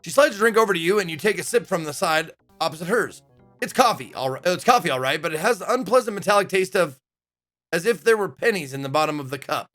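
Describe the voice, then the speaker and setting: A man's voice: high-pitched, expressive, fast, fairly bright tone, soft background music. A man streaming an old adventure game, casually reading its text aloud with playful, chatty asides.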